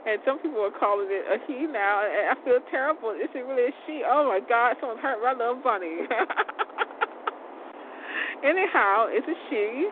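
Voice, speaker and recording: Woman host, rambling solo monologue, stumbles and repeats herself, phone-quality sound with loud noise behind. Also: fairly high pitch, animated, normal speed. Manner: rambling, repeats words and restarts often. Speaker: show host. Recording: tinny phone-like audio with loud background noise.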